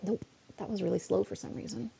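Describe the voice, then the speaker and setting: A woman live-streaming from home, chatting loosely as she plays. Her voice is mellow and low in brightness, with a gravelly fry running under her words. She slides into exasperated rants and tosses off quick asides. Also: steady tone, a little hiss or hum. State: a bit unwell. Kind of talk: casual live-stream chat while gaming.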